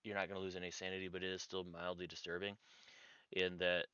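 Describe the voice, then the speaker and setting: Male game master, bright crisp voice, dull dry lo-fi mic. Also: sits low, flat delivery, quick pace, no room sound. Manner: loose, rambling description. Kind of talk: narrating a tabletop game.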